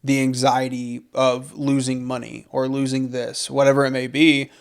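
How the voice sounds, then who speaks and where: A young man co-hosting a podcast reflects earnestly on faith in casual conversation, using repetition for emphasis. His delivery is flat and moderately paced at medium pitch, with vocal fry and a clear, resonant tone.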